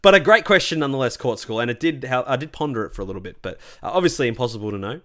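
A male podcast host delivers a solo monologue in a lively, swooping voice. His pitch rises and falls freely as he rants to his listeners. He calls them ladies and gentlemen and keeps a chatty, opinionated flow. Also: rapid-fire. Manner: animated, ranting, addresses listeners as ladies and gentlemen.

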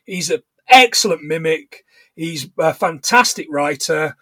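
A middle-aged man co-hosting a podcast, chatting casually about a film, laughing often and retelling scenes in rough put-on voices. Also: a little high, lively intonation, a little slow, pushed and bright, dry recording. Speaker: podcast co-host. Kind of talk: casual chat recapping a film.

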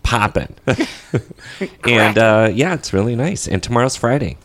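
A man's voice: medium pitch, lively intonation, unhurried, fairly bright tone, a little hiss or hum. A man co-hosting a podcast, easygoing and playful in casual chat. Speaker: podcast co-host.

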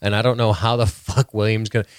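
A man co-hosting a podcast, chatting casually in animated, mock-outraged rants full of swearing and laughter. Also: fairly low pitch, fast talker, smooth, no room sound, studio quality. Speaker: podcast co-host. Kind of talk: casual recap chat.

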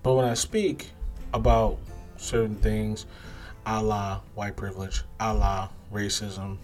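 Low-voiced man in emphatic monologue. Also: flat delivery, slow, darkish tone, faint music behind. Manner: emphatic, conversational, acts out other people's replies. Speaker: podcast host. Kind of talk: casual monologue commentary.

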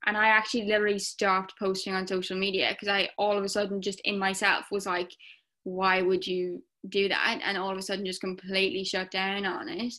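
A young woman with an Irish accent talks casually as a podcast guest. She rambles warmly through her thoughts with plenty of "like" and "literally". Her pitch sits in the middle range for a woman. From Ireland. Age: young adult. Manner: chatty, many fillers, acts out comments in quoted voices. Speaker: guest content creator.

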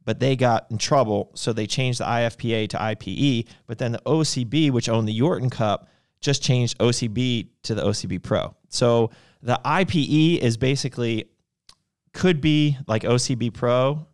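A man's voice: medium pitch, normal speed, smooth, no echo, clean studio sound. A man co-hosting a casual livestream chat, rambling and correcting himself as he goes. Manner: rambling, loose, self-correcting. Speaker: podcast co-host and supplement brand owner.

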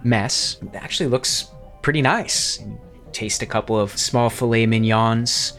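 A man's voice: mid-range voice, a little slow, vocal fry, a bit bright, soft background music. A man narrating a tabletop game as game master, descriptive and wry.

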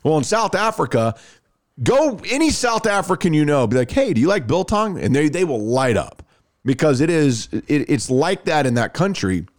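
A man hosting a sports radio show, talking football and reading ads in a lively storytelling way. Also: a little high, normal speed. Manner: animated storyteller, lively ad delivery. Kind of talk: sports talk and live ad reads.

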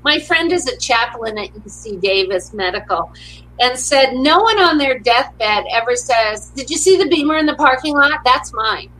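A middle-aged motivational speaker with a high, sharp voice and lively intonation talks at a normal speed during a casual interview. She tells upbeat stories and acts out the lines she quotes. The recording is low quality, with a slight hiss or hum.

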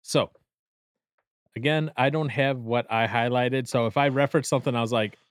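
A man's voice: medium pitch, fairly even intonation, moderate pace, no room sound. A man co-hosting a casual podcast about a book, with a dry, teasing sense of humor. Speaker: podcast co-host.

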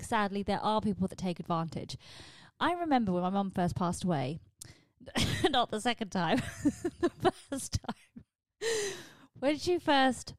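A woman with a British accent hosting a podcast, talking in a casual comedic monologue with jokey, wry deadpan asides. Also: medium pitch, dry recording. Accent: British English. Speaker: podcast host.

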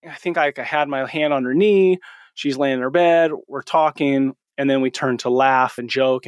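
Recorded with clean, dry studio sound, a man in his forties with a mid-range voice hosts a podcast. His monologue is casual storytelling drawn from his own life, delivered earnestly like a coach.

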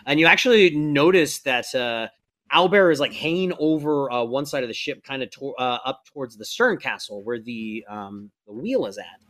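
A man runs a live-streamed tabletop game as its game master. He narrates loosely and scatters fillers all through his lines. His voice is bright and sits at a middle pitch for a man. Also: expressive, moderate pace. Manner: casual, full of "like" and "uh" fillers. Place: streaming setup.

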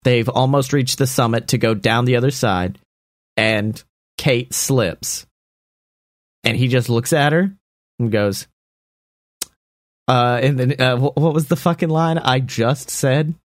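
A man brainstorming a story casually, animated and profane, acting out lines as he goes. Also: mid-range voice, a little slow, pauses often, no room sound, studio quality.

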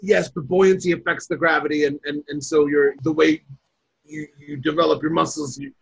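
A man playing a tabletop game, with a slightly higher voice that is gravelly and husky. He talks slowly and haltingly, restarting his sentences. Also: little pitch movement, poor audio. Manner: hesitant, full of restarts. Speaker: tabletop player.

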